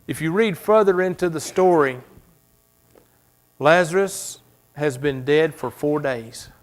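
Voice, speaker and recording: Pastor guy preaching in church, bit high voice, goes quiet then loud, dramatic storytelling. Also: takes it slowly. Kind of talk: sermon.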